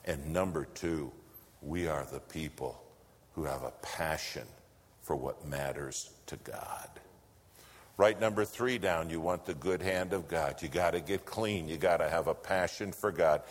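A man preaching a sermon, telling a story and swinging between loud lines and hushed whispers. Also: sits low, moderate pace. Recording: long hall reverb.

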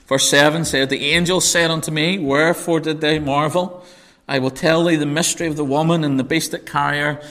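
A man with a Northern Irish accent preaching a Bible teaching sermon, conversational, with joking asides. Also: fairly bright tone. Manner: conversational, joking asides, pitch rising when stressing points.

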